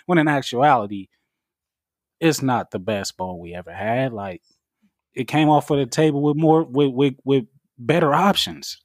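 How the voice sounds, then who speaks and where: A man in casual podcast chat, telling things in an animated, profane, slangy way. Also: medium pitch, moderate pace, no echo, clean studio sound.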